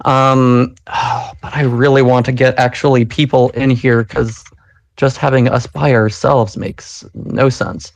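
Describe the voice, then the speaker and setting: A man's voice: mid-range voice, fairly even intonation, slow, creaky, no room sound. A man hosting a casual live audio chat, loose and chatty with lots of fillers. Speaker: podcast host.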